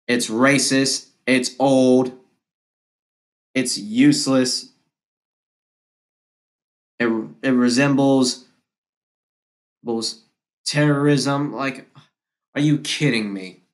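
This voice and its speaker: A man hosting his own podcast. He delivers a political monologue at an unhurried, deliberate pace, hammering the same phrases again and again with combative passion. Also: medium pitch, fairly even intonation. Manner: impassioned, repetitive and combative. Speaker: podcast host.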